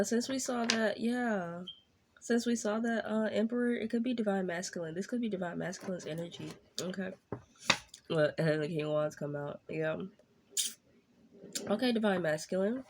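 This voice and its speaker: A woman giving a casual tarot reading straight to her viewers, chatty and excitable. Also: medium pitch, background noise. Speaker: tarot reader.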